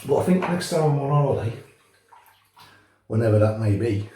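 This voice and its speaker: A man's voice: medium pitch, expressive, moderate pace, warm tone, a little hiss or hum. A middle-aged man from North West England with a Liverpool accent, chatting and joking casually while he shaves. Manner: chatty, jokey storytelling with chuckles. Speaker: shaving channel host. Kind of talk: casual chat while shaving. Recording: echoey room.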